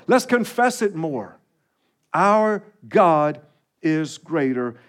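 A male pastor preaching a sermon, reading scripture aloud, leading the congregation in call and response and building emphatic repeated refrains. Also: medium pitch. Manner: preaching with rising, emphatic repetition.

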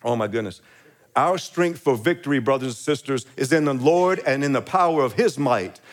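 A man's voice: mid-range voice, animated, moderate pace. A man preaching a sermon, reading scripture aloud and lifting his voice on key lines, with short chuckles between phrases and calls to the congregation to repeat after him. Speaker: pastor.

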